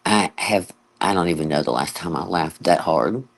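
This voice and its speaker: A man's voice: low voice, normal speed. A man hosting a late-night livestream, chatty and laughing often as he mimics others. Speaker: livestream host. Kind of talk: casual chat.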